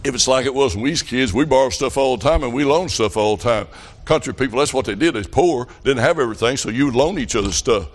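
A man's voice: medium pitch, animated, fast talker. A middle-aged man preaching a revival sermon, telling folksy stories that rise to fervent calls.

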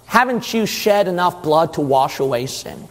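A man's voice: fairly high pitch, expressive, moderate pace. A man voicing a taunting male devil who coaxes and then orders a victim to die, heard in a sermon. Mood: coaxing. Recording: long hall reverb.

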